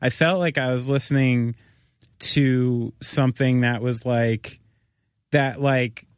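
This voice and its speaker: A man's voice: mid-range voice, steady tone, takes it slowly, clean tone, dry recording, studio quality. Rambling male podcast host. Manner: rambling, full of likes and restarts, swearing. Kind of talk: casual podcast chat.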